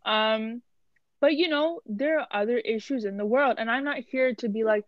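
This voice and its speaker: A young woman co-hosting a podcast, talking in a casual, animated way with lots of fillers. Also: on the high side, moderate pace, no echo. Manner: animated, chatty, many fillers. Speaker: podcast co-host. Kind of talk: casual chat. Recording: dull lo-fi dry sound.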